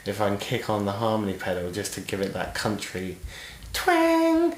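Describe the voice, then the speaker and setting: A man's voice: fairly low pitch, flat delivery, fast, echoey room, slight background noise. A man co-hosting a podcast, a guitarist and singer chatting casually and enthusiastically, swearing now and then. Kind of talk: casual chat.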